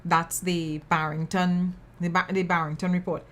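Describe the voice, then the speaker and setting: A woman's voice: on the low side, flat delivery, moderate pace. A woman with a Trinidadian accent hosting a news commentary podcast, outspoken and sassy, full of local slang and emphatic repetition. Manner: emphatic, repeats words for effect. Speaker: podcast host.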